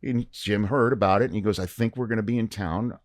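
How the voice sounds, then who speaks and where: A man's voice: lowish voice, fairly even intonation, a little fast, no echo, studio quality. A middle-aged man hosting a podcast, telling a long anecdote in a casual, rambling way with lots of fillers. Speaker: podcast host. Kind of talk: casual storytelling chat.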